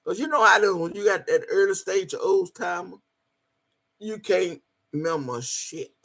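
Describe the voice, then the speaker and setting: A woman with a bright, gravelly voice tells a story from her own life, swinging up and down in pitch as she goes. Her tone is a little husky, and her talk is blunt and salty, with plenty of swearing. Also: moderate pace. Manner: animated, profane, swears freely. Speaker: vlogger telling a personal story. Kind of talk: casual storytelling.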